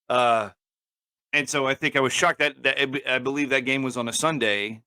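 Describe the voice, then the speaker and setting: A man's voice: mid-range voice, steady tone, moderate pace, sharp tone, clean tone, dry recording. A man co-hosting a casual talk show, swearing freely and working himself up to angry outbursts. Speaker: podcast co-host.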